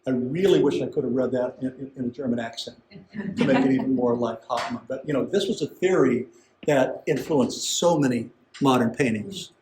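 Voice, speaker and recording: A man's voice: mid-range voice, moderate pace, darkish tone, a little hiss or hum. A man giving a conversational art lecture to a museum audience, chatty, with asides and questions to the room. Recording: roomy gallery echo.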